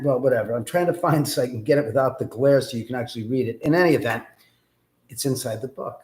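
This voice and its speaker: Man telling a story in a roomy echo. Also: medium pitch. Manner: animated, rambling, swears freely. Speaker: live-stream host. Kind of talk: casual storytelling on a live stream. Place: in a house.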